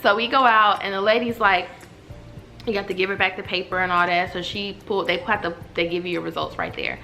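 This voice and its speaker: A woman, telling a story to her viewers at home in a lively, chatty way. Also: mid-range voice, fairly quick, gravelly, faint music behind. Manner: animated, chatty, talks straight to viewers. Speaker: vlogger. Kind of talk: casual storytelling to camera. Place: at home indoors.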